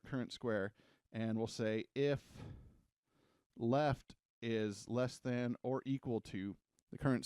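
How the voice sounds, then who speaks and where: A man's voice: mid-range voice, warm tone, no room sound, studio quality. A man giving a casual, joking coding lesson at a whiteboard, rambling into self-deprecating asides and sounding a little out of breath. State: a bit out of breath. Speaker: coding tutor.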